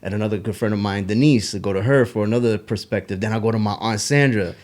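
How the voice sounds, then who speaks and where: A man co-hosting a casual podcast chat, talking in halting bursts with restarts. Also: fairly low pitch, darkish tone. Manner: halting, restarts, laughs at own slips. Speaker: podcast co-host.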